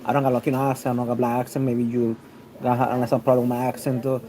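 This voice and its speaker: On a livestream with poor audio, a male video host with a mixed New York City accent rambles through his opinions quickly, stumbling into restarts and fillers. His warm, mid-range voice shows little pitch movement.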